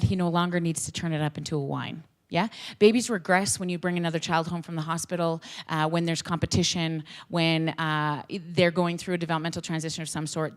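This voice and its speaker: An energetic woman speaker and hockey coach addresses a room of educators. Her bright voice carries animated, joking delivery. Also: fairly low pitch. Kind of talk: talk to an audience of educators.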